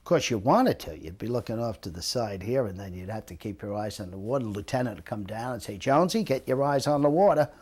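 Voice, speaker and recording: Husky and lowish, the voice of an older retired lifeguard rushes along with few pauses. Reminiscing animatedly, he performs the quoted voices of people from his past stories.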